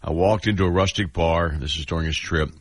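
A man's voice: low voice, fairly quick, dry recording. A man hosting a radio talk show, reading a listener's message aloud in a laid-back way, chuckling often.

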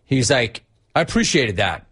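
A man's voice: mid-range voice, very animated, moderate pace, fairly bright tone, husky. A man hosting a sports talk radio call-in show, brash and joking, calling callers dude and bro. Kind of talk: casual call-in show chat.

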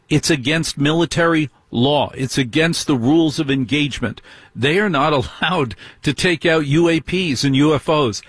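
In a dry, close recording with no room sound, a middle-aged man hosting talk radio rants indignantly. His husky voice sits at an ordinary pitch with a fairly bright tone, and he repeatedly fires rhetorical questions at listeners.

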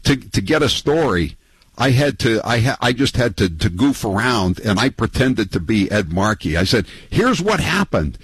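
Husky-voiced male radio host. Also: fairly low pitch, animated, normal speed, dry recording, poor audio. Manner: rambling, mocking storyteller. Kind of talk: casual call-in radio chat.

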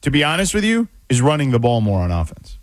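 A man's voice: mid-range voice, wildly swooping pitch, quick pace, no room sound. A man co-hosting a sports talk show, pushing back in a casual debate, often stammering as he restarts his points.

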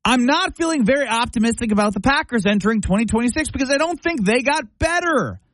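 Sports radio host reading betting odds. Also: male voice, very high-pitched, expressive, quick pace, a bit bright, dry recording. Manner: conversational, reads stats off an article. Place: radio studio.

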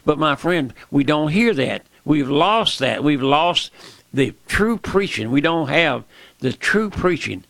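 A man's voice: a little high, animated, takes it slowly, vocal fry, fairly bright tone, no room sound. An older man, preaching an emphatic old-time sermon that repeats phrases and rises to cries.

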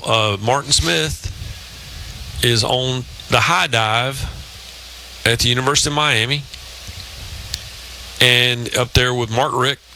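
A man's voice: medium pitch, sharp tone, slight background noise, low-quality recording. A man in his fifties hosting a sports talk show, telling long rambling anecdotes in casual chat. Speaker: radio show host.

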